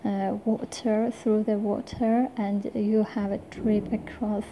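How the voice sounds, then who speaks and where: A woman's voice: medium pitch, level tone, slow, lo-fi sound, a little hiss or hum. A woman speaking English as a second language, giving a hesitant, unscripted talk full of filler sounds and restarts. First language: not English. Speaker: forum member presenting a talk. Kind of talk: slow unscripted monologue.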